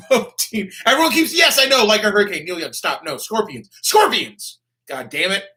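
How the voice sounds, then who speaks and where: A man's voice: sits high, lively intonation, normal speed, bright, forceful tone. A man with a Southern American accent, hosting a casual chat, reading viewer comments and joking with lots of profanity. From Florida.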